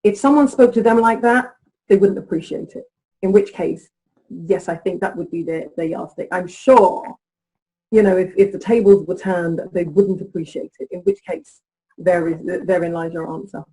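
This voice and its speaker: Husky-voiced woman coach telling stories. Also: on the low side, moderate pace, rough recording. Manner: animated, laughing, storytelling. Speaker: guest, relationship coach. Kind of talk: interview conversation.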